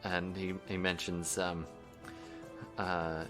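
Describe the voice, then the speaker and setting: A man narrating a tabletop game as game master, in a very deep voice. He talks in a relaxed, halting way and often pauses mid-thought. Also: soft background music.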